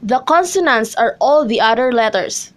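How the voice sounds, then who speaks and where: A young woman reading a scripted classroom lesson, slowly and carefully, with pauses between listed example words. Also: on the high side, expressive. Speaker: student presenter.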